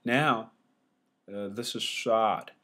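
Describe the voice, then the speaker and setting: A man teaching a casual whiteboard lesson, sounding letters out loud again and again with many fillers and restarts. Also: fairly low pitch, drawn-out words.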